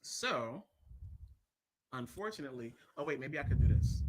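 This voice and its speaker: A man's voice: medium pitch, expressive, moderate pace, slight background noise. A man co-hosting a casual talk show, joking and apologizing through technical trouble. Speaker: podcast co-host. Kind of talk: casual chat.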